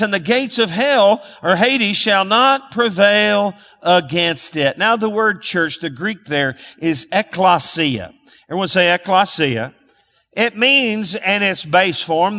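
A high, bright-toned male pastor delivers a sermon, often asking the congregation to repeat words back to him. His speech is loose, with restarts and fillers. His voice rings with a long hall reverb. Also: expressive, unhurried. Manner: calls for audience responses, restarts and fillers.

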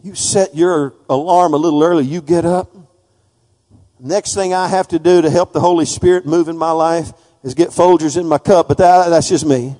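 A male preacher giving a folksy sermon that builds to fervent, shouted praise. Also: a little high, fairly even intonation, moderate pace, long reverb tail.

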